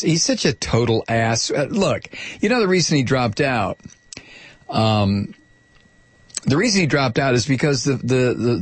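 A man's voice: medium pitch, husky, no echo. A man hosting a political talk radio show from a studio microphone, delivering a sardonic, mocking monologue. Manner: sardonic and mocking, laughs at his targets.

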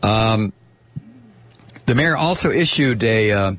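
A man's voice: lowish voice, lively intonation, slow pace, a bit bright. A man hosting a talk radio show, chatty and opinionated, reading listener mail aloud into a studio microphone.

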